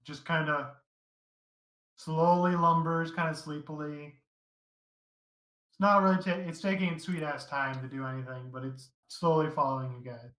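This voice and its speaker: A man's voice: a little high, steady tone, moderate pace, a bit bright, echoey room, low-quality recording. A man narrating as game master in a tabletop game, talking casually and loosely.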